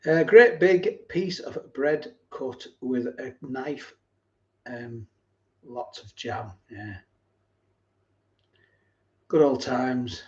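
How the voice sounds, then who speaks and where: A man hosting a casual live stream, reading viewer comments and thanking them by name, sometimes dropping into low asides. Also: extremely slow, long pauses, a little mellow, dull audio. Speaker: host of a food channel live stream.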